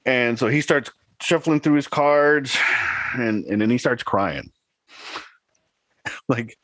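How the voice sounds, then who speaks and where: A man's voice: mid-range voice, slow, pauses often, a bit bright, no echo. A man in his thirties, a podcast co-host, chatting casually and telling a rambling story with laughs. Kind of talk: casual chat.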